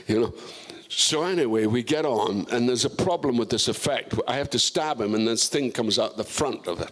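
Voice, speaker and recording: A man's voice: on the low side, normal speed. Older man telling rambling stage anecdotes. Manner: rambling, full of restarts and "you know", acting out quoted voices. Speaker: actor, guest of honor. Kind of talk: relaxed career storytelling on stage. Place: festival stage.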